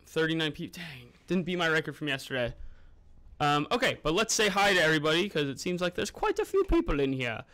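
A man's voice: on the high side, big pitch swings, quick pace, a bit bright. A young man streaming a game live, chatting casually and greeting viewers by name as he plays and eats. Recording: music playing underneath.

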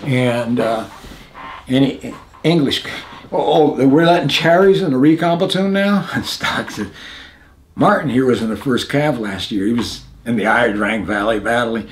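A man's voice: mid-range voice, normal speed, a little hiss or hum. An older man, a veteran being interviewed, telling stories animatedly, acting out the lines of others and laughing often. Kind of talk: storytelling interview.

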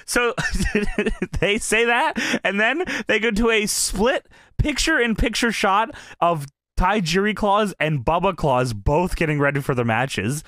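A man's voice: high voice, expressive, a little slow, a bit bright, no room sound, clean studio sound. A man co-hosting a podcast in casual chat, laughing often, swearing freely and acting out quoted lines. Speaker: podcast co-host recapping wrestling.

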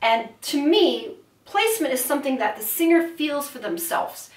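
A woman with a high voice and wide pitch swings speaks at a normal speed while teaching a vocal lesson, explaining exercises and sometimes talking through a straw. She's in a studio room, recorded from a distance with a roomy sound.

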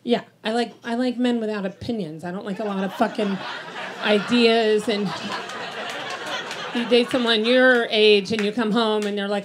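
A woman in her fifties performs stand-up in a club, with a voice sitting a little high for a woman. She tells brash, profane, self-mocking stories. Audience laughter and room noise are clearly heard behind her. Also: fairly even intonation, moderate pace. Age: 50s. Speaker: stand-up comedian. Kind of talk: stand-up routine. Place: comedy club in front of an audience.

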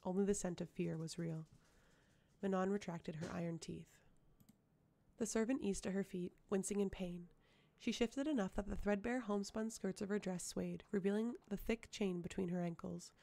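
A woman reading a fantasy novel aloud as an audiobook, at a measured, even pace. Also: mid-range voice, vocal fry. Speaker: audiobook reader. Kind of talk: audiobook narration.

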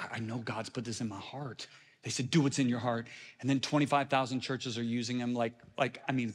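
A middle-aged man preaches a storytelling sermon at an ordinary middle pitch. He drops into quiet asides and then climbs to loud, emphatic peaks. A long reverb from the big church hall trails each phrase. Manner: animated, swings from hushed to shouting.

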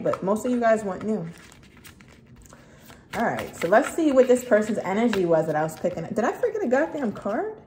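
Speaking directly to the viewer, a female tarot reader gives a casual reading, blunt and swearing freely. Her voice sits mid-range with a darkish tone, and the room sounds echoey with faint background noise.

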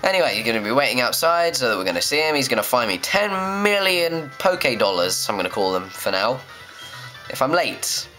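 A young man talks through a handheld video game with bouncy, animated pitch and a bright, forward tone. He cracks sarcastic asides and reads the game's lines in silly voices. Faint game music plays underneath. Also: fairly quick. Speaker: let's play host. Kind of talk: game commentary, reading dialogue aloud.

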